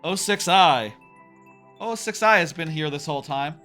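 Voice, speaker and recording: A man's voice: fairly high pitch, lively intonation, moderate pace, bright, forceful tone. A young adult man streaming a game, chatting casually in a rambling, wry way, swearing now and then. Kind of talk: casual chat while playing. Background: faint game music.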